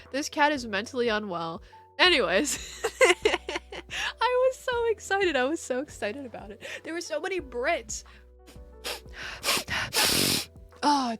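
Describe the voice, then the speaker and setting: A young woman streaming and chatting casually with viewers, animated and rambling, laughing often. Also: high voice.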